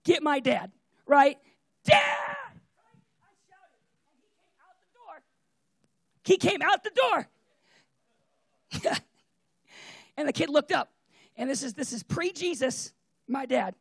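High, gravelly, animated preacher. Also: measured pace, long pauses, dry recording. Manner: animated, fillers of "like" and "right?", often laughs. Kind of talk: casual conversational sermon with personal stories.

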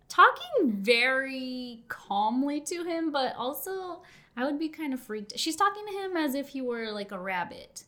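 A young woman co-hosting a podcast, recapping a TV episode in casual, animated chat and laughing often. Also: sits high. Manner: animated, laughing, bursts into shouted quotes. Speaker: podcast co-host.

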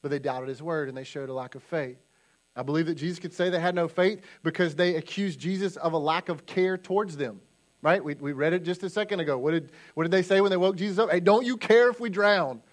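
A male pastor delivering a sermon from a church stage. His voice sits fairly high, and he preaches with emphasis, repeating key lines so they land. He brings the scripture to life by acting out the quotes. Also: fast.

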